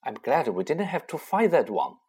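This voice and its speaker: A man voicing an anxious young teenage boy wizard, speaking in a hushed, uneasy, husky way. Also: fairly high pitch, sing-song, moderate pace. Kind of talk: audiobook reading.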